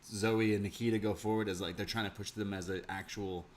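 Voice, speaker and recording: A man co-hosting a casual wrestling recap chat, who laughs often and quotes the show's characters loudly. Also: lowish voice, steady tone, a little fast, a little hiss or hum. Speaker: podcast co-host.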